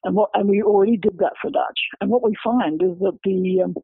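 Husky high-voiced man on a tinny line. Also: a little fast, dry recording. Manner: lecturing, walks through examples step by step. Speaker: researcher and author discussing his book. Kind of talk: explanatory academic interview talk. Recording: tinny phone-line audio.

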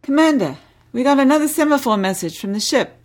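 A woman's voice: fairly high pitch, sing-song, moderate pace, fairly bright tone, voice pushed up. A woman voicing a cheeky, freckled Cockney cabin boy with a cocky manner, read aloud from a novel. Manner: cocky, grinning, then pleading.

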